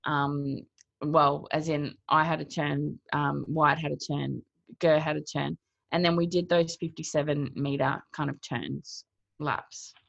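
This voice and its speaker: A woman with a low, gravelly voice talks through her story as an interview guest, acting out the lines people said to her. Her delivery is lively and conversational. The recording sounds dull, lo-fi and dry. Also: measured pace, no echo. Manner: lively retelling, acts out quotes, laughs between thoughts. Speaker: interview guest, cold-water swimmer.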